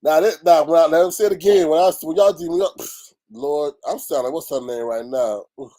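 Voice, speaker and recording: A man hosting a casual commentary show, talking in a loose, animated, slangy way. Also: on the high side, brisk.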